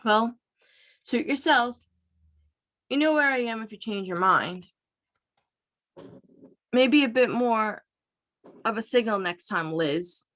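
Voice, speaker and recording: A woman reading as a smooth-talking teenage boy. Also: a little high, lively intonation, takes it slowly, pauses often, a bit bright. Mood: evasive.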